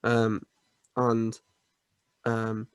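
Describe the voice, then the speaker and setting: A man's voice: lowish voice, monotone, drawn-out words, smooth, no echo, studio quality. A young man co-hosting a podcast in casual chat, who stammers and laughs often. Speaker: podcast co-host.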